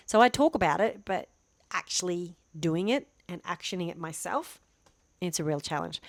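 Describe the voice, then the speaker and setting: A middle-aged woman rambles cheerfully into a home microphone, self-deprecating and chatty. Her voice sits on the low side. The sound is close and dry. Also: a little fast, dry recording. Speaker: vlogger, former teacher. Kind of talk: casual talking-head vlog. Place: home near a main road. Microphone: microphone on a stand facing her, camera turned away.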